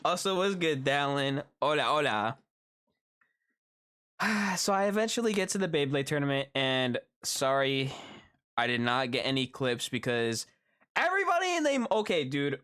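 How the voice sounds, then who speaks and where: A man's voice: medium pitch, measured pace, smooth. A man live streaming, telling stories in a casual, slangy way, swearing freely. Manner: animated, slangy, swears freely, breaks into laughter. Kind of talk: casual storytelling chat.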